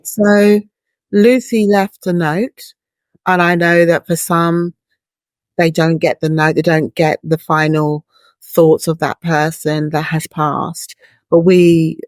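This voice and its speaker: A woman's voice: low-pitched, level tone, slow pace, a little mellow, no echo. Earnest middle-aged woman, dry close sound. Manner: earnest, heartfelt, speaks in extended images. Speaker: bereaved mother, guest. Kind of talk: reflective interview talk.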